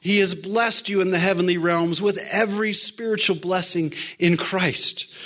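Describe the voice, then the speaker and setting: Man, pastor, sermon, earnest, encouraging, bright tone, slightly high pitch. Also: steady tone, moderate pace, slight background noise. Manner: earnest, encouraging, quotes scripture. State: pandemic-era address.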